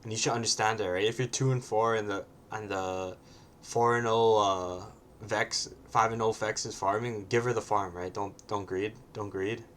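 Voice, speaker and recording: A man's voice: fairly low pitch, steady tone, moderate pace, fairly bright tone, a little hiss or hum. A man casually commenting on his own match, often ending points with a questioning "right?" and sometimes swearing bluntly.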